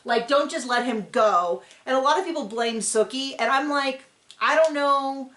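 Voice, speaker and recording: A woman's voice: high-pitched, moderate pace, fairly bright tone, roomy sound. A woman hosting a casual TV recap, chatting in a sarcastic, filler-heavy way. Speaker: recap show host.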